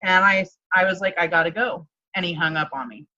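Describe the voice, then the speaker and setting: A woman coach telling a personal story in a casual interview, animated and chatty, often acting out what others said. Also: lowish voice, fairly quick, highs cut off. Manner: animated, acts out quoted dialogue, frequent "like". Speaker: guest, transformation coach.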